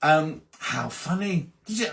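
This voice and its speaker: A man's voice: on the high side, animated, a little slow, vocal fry. A man hosting a casual live-stream chat, reading out viewer comments and answering them one by one. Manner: chatty, reads out comments and answers them warmly. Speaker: host.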